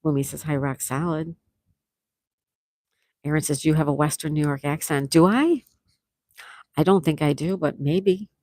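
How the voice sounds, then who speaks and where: A woman's voice: low voice, steady tone, normal speed, long pauses, warm tone, no echo, studio quality. A woman hosting a casual livestream, chatting and reading out viewer comments, laughing often. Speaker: livestream host.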